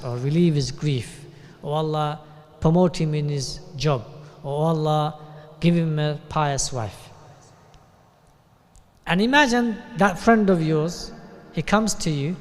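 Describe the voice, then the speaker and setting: A man with a British accent giving a sermon at a mosque, talking conversationally and often checking in with a quick "yeah?". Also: on the high side. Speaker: sheikh giving a talk. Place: mosque hall. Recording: long hall reverb.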